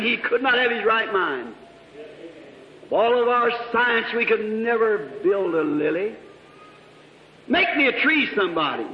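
High-voiced fervent preacher man, booming roomy hall, lo-fi tape. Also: expressive, unhurried, long pauses. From Indiana. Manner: fervent storytelling, swings from hushed to shouting. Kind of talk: sermon. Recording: echoey hall, dull lo-fi old tape.

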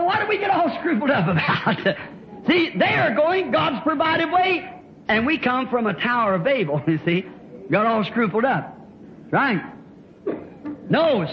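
A man with a very high, lively voice preaches a revival sermon, spinning folksy stories and breaking into shouts. The recording is muffled and lo-fi, with a faint hiss under it. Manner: folksy storytelling, bursts into shouting. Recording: dull lo-fi old sermon tape.

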